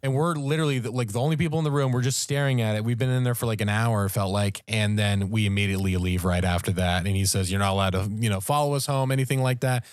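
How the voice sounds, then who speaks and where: Low-voiced man telling a story. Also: quick pace, few pauses, clean tone, no room sound, clean studio sound. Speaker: podcast co-host. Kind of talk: casual storytelling. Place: podcast studio.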